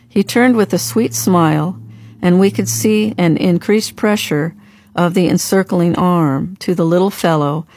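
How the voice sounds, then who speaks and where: A woman narrating a devotional story in a calm, reverent, measured audiobook reading. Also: on the low side, dry recording, clean studio sound.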